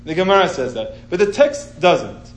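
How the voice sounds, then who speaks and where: A man teaching an informal scripture class, telling the story with animated sarcasm. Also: high-pitched, moderate pace, reverberant, rough recording.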